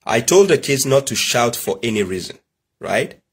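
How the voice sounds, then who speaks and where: A middle-aged Nigerian man, a religious commentator, delivers a preachy monologue in a medium-pitched, sing-song, slightly rough voice at normal speed. He lectures emphatically, firing off rhetorical questions and telling family stories.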